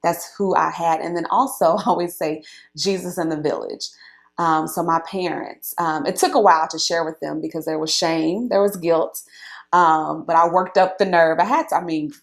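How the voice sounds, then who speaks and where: Chatty woman with a gravelly edge. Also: low voice, normal speed. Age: late 30s. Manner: animated, laughs often, many fillers. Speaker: guest. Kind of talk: casual conversational storytelling.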